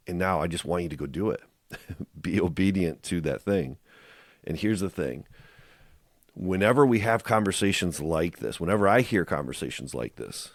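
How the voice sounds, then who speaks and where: A man's voice: sits low, a little mellow, dry recording, clean studio sound. A middle-aged man hosting a faith podcast, talking earnestly and putting direct questions to his listeners. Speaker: podcast host. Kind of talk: faith-based podcast talk.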